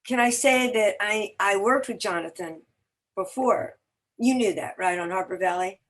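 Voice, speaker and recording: A woman, an actor guesting on a podcast, telling long animated stories in casual chat. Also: mid-range voice, moderate pace. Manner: chatty, animated storyteller.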